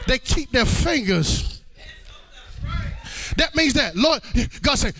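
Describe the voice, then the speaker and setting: A pastor in his forties preaching a shouted call-and-response sermon in a church, with a rhythmic cadence and an "uh" before each phrase. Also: high voice, lively intonation, unhurried, pauses often. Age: 40s. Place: church sanctuary.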